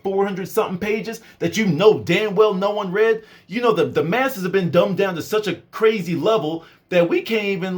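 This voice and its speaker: A man hosting his own channel reads a law aloud in a high voice that sounds tired from the reading. He keeps breaking off into animated, conspiratorial asides packed with fillers.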